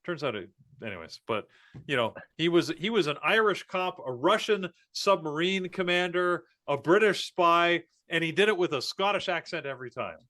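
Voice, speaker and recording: A man's voice: fairly high pitch, lively intonation, moderate pace, bright, forceful tone. A man co-hosting a live trading stream, chatting in a rambling way and laughing at his own jokes. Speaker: trading show co-host. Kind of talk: casual live-stream chat.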